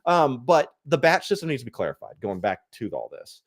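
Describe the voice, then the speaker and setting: A man's voice: medium pitch, huge pitch swings, a little fast. A man speaking as a guest in a casual podcast chat. He rants with lots of energy and mimics other people in quotes. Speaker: guest collector.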